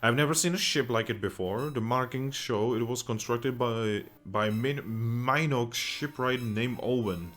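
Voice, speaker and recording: A man's voice: mid-range voice, a little slow, hardly any pauses, fairly bright tone, faint music behind, close to an everyday voice. A man voicing a proud, contented male shipwright who talks in old-fashioned formal phrases. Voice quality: archaic formal speech.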